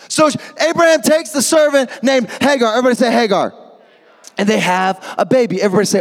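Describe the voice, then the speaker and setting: Energetic preacher, male, high voice, call-and-response, echoey hall. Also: fast talker. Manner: energetic, rising to shouts, jokey asides. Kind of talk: lively sermon with call-and-response. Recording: long echo of a large hall.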